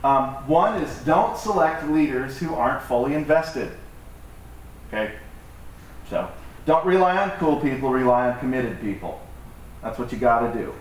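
A man's voice: medium pitch, lively intonation, normal speed, pauses often, slight background noise. A male pastor giving a conversational, joking sermon to his church and acting out voices in the stories he tells. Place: church hall. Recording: echoey hall from far off with faint ambience.

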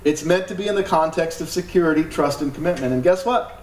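A man's voice: a little high, quick pace, darkish tone. A man preaching a sermon as pastor, emphatic, with joking asides and laughs. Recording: echoey hall from far off, light ambience.

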